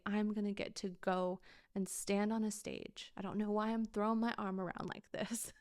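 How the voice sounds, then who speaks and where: A woman's voice: mid-range voice, flat delivery, moderate pace, darkish tone, no echo, clean studio sound. A woman in her thirties hosting a podcast, telling a personal story in a candid, emotional way with casual swearing. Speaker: podcast host.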